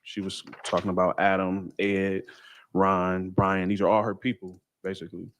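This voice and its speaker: A man telling a personal story in a casual, halting way with many fillers and restarts. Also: deep voice, level tone, dry recording. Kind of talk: casual first-person account.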